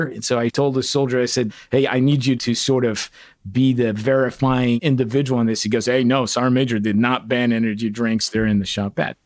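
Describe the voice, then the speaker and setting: Animated storyteller man, dry studio sound. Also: medium pitch, dry recording. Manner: animated, acts out quoted dialogue. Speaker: guest, retired senior enlisted leader. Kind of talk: casual interview storytelling.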